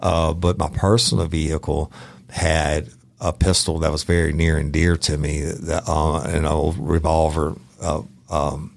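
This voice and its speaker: Gravelly deep-voiced man telling a blunt story. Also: little pitch movement, measured pace, no echo. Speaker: podcast co-host, former detective. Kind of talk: casual storytelling chat.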